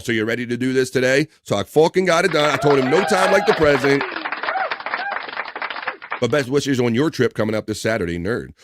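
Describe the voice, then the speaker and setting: A man's voice: mid-range voice, no echo, clean studio sound. A man hosting a live stream, loosely chatting, swearing casually and reading out viewer comments.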